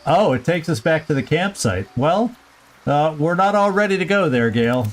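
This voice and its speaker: Man, video game streamer, loose live commentary, animated delivery, faint music bed. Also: a little high, normal speed. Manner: playful, thinking aloud, goofy asides. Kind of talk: casual live gameplay commentary.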